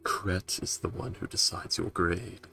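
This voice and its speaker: A low-voiced man acting as game master, chatting in a relaxed, offhand way and swearing freely. His voice is very bright and forceful, and faint music plays behind him. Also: unhurried, vocal fry, breathy edge. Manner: laid-back, swears freely. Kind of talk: casual chat before a tabletop game.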